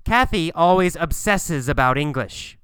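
A man teaching an English pronunciation lesson, asking and answering his own questions deliberately. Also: fairly high pitch, animated, fairly bright tone, smooth, no room sound, studio quality. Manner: slow, deliberate, repetitive questioning.

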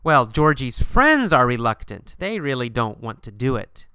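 A man's voice: medium pitch, very animated, normal speed, bright, forceful tone, smooth, dry recording, clean studio sound. A man teaching a lesson, asking questions and answering them himself, over and over with emphasis. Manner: asks and answers his own questions, repetitive, emphatic. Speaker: English teacher.

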